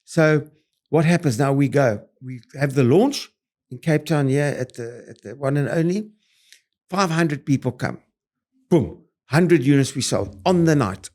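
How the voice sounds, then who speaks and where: A man's voice: fairly high pitch, measured pace. An older man with a South African accent, a property developer being interviewed, who tells his stories in short, punchy bursts full of fillers and restarts. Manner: animated, punchy storyteller with many fillers and restarts. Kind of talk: interview storytelling.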